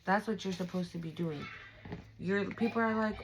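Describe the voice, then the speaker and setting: A woman's voice: medium pitch, normal speed, slight background noise, rough recording. A young woman giving a casual spiritual tarot reading, emphatic, emotional and profane, talking straight to her viewers. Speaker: tarot reader.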